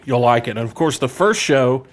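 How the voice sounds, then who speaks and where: A man's voice: mid-range voice, lively intonation, moderate pace, a little hiss or hum. A man hosting a casual wrestling podcast, joking and rambling with playful trash talk. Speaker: podcast host.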